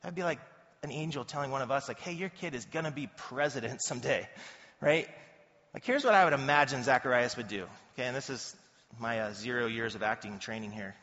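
Male pastor, relaxed and lively sermon delivery, recorded in a big echoing church hall. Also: medium pitch, fairly quick. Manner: conversational and animated, acting out quoted voices. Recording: dull sound in a reverberant hall.

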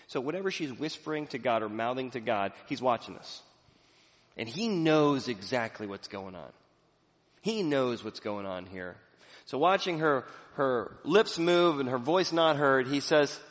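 A man's voice: medium pitch, lively intonation, normal speed, a bit bright. A male pastor giving a sermon in a conversational, storytelling way. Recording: echoey hall, dull lo-fi sound.

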